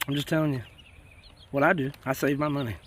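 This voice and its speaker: This South Carolina homesteader talks fast in a level, slightly bright mid-range voice while standing outside on his farm near the chickens. There's a faint hiss or hum, and his rambling chat is folksy and loose, full of y'all.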